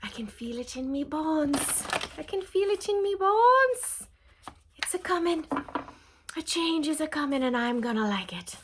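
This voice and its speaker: A woman's voice: lively intonation, a little slow, noisy background. Woman doing a lilting jokey Irish brogue. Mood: playful. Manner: sing-song, playful, high and lilting. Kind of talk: tarot reading vlog.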